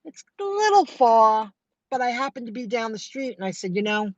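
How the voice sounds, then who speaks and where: A middle-aged woman telling viewers about her delivery rounds in a chatty, animated way, acting out what people said. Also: a little high, normal speed, dry recording, highs cut off. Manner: chatty, animated retelling with quoted dialogue. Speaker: food delivery driver vlogger. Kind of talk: casual storytelling to viewers.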